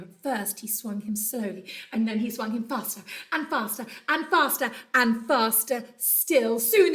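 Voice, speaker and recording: A woman teacher reads a children's story aloud from home with animated, dramatic storytelling. Her voice sits a little high. She swings between hushed and lively as she tells it. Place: at home during lockdown.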